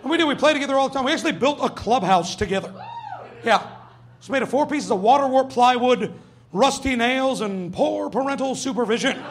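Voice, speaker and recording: A man's voice: very high-pitched, lively intonation, brisk, crowd noise. A young man doing a stand-up comedy set on a club stage, brash and profane, acting out quoted voices.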